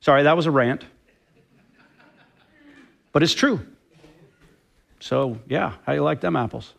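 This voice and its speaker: A man's voice: a little high, unhurried, creaky, a bit bright. A man preaching a sermon with passion and emphasis, often acting out quoted dialogue. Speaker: pastor.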